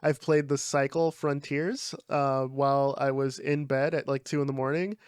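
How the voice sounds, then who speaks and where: A man's voice: medium pitch, little pitch movement, moderate pace, clean tone, dry recording, clean studio sound. A young man co-hosting a podcast, chatting in a laid-back way, swearing freely and leaning on fillers. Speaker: podcast co-host. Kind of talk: casual chat.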